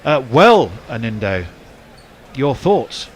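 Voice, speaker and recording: A man's voice: medium pitch, very animated, slow, a little hiss or hum. A man doing ball-by-ball cricket commentary in a wry, chatty, wordy way.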